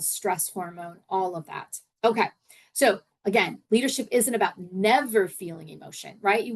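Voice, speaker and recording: Middle-aged woman coaching in conversational talk. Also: lowish voice. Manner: conversational, repeats words, acts out example phrases. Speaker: podcast host and leadership coach.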